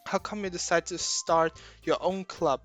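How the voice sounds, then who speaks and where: Picture a bright, friendly schoolgirl club president, upbeat and encouraging, as a man reads her lines. The voice sits a touch higher than average for a man and rolls its R's. Soft game music plays faintly behind it. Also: fairly even intonation, measured pace. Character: cheerful teen girl club president.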